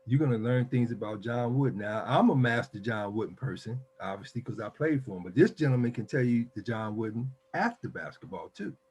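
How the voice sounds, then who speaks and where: An older man from Philadelphia hosts a relaxed interview at an ordinary pitch for a man. He talks with emphatic enthusiasm and puts weight on every line. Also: a little fast, few pauses, a little hiss or hum. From Philadelphia, United States. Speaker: host. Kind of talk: casual interview.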